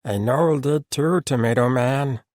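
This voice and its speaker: A man's voice: medium pitch, a little slow, darkish tone, no room sound, studio quality, voice pushed up, close to an everyday voice. A man voicing a wary male gnoll who speaks bluntly about himself in third person, in an audiobook. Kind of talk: audiobook character voice.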